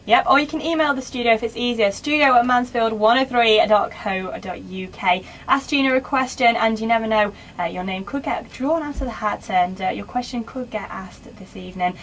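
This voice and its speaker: A woman's voice: on the high side, brisk, few pauses, a bit bright, slight background noise. Chirpy English woman radio presenter. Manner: chirpy, polished presenter patter. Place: radio studio.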